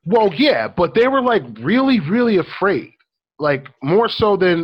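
A man's voice: high-pitched, very animated, measured pace, breathy edge, lo-fi sound. A man chatting casually on a podcast, telling a story with lots of ums and likes. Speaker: podcast co-host. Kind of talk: casual chat.

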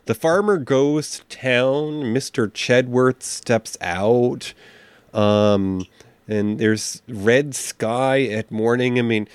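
A man hosting a movie program, chatting casually with halting fillers. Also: medium pitch, clear, resonant tone, dry recording. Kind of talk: casual chat.

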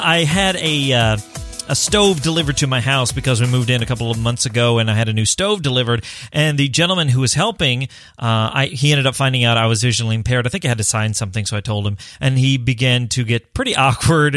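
A man's voice: medium pitch, a bit bright, dry recording, studio quality. A man hosting his own podcast, talking in an upbeat, encouraging, conversational way. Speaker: podcast host. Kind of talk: casual solo podcast talk.

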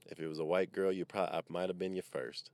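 A man with an extremely deep, low-pitched voice talks loosely into a microphone from his parked car. He rambles and wisecracks in a casual, profanity-laced monologue, like a comedian riffing on his own podcast. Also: fairly even intonation, fast talker, a little mellow, no echo.

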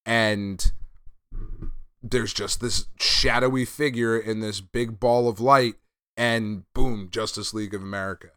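A man's voice: on the low side, fairly even intonation, unhurried, fairly bright tone, clear, resonant tone, dry recording, studio quality. A man hosting a podcast, casually recapping and reviewing a comic, laid-back and a bit profane. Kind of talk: casual chat.

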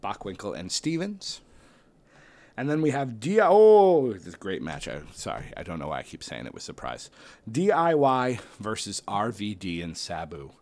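A man casually commentating and thinking aloud while ranking tag teams, weighing options with excited outbursts and playful asides. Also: low-pitched, normal speed. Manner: self-deprecating, playful asides. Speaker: host ranking a wrestling tag team bracket.

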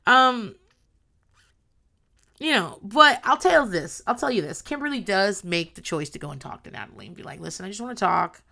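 Loud animated woman with a bright voice. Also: mid-range voice, normal speed, gravelly. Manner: animated, swears freely, acts out quotes, laughs often. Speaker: podcast host recapping a reality show. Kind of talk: casual chat.

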